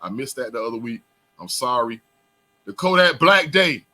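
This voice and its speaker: A young man with a South Florida accent hosting a talk show, hyped and loud, jumping between shouting and mumbling. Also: mid-range voice, animated, moderate pace. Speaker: host.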